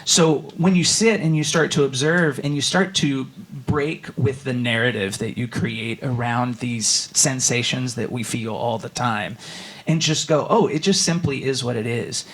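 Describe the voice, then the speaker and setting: A man's voice: medium pitch, unhurried, a bit bright. A man giving a casual, conversational sermon as a guest speaker in a church, talking loosely with many fillers and restarts and voicing his inner thoughts. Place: church sanctuary.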